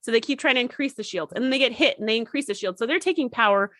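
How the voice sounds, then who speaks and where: A woman's voice: on the high side, racing, fairly bright tone, dry recording, studio quality. A woman co-hosting a podcast, chatting emphatically and acting out quotes from an episode. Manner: emphatic, acts out quotes with big jumps. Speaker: podcast co-host. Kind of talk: casual chat recapping an episode.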